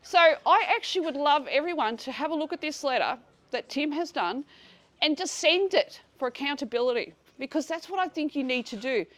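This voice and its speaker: A woman in her sixties telling a group about her dispute, blunt and animated, swearing freely and acting out conversations. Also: high voice, fairly quick. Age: 60s. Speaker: speaker at a community meeting. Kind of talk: casual storytelling to a live group.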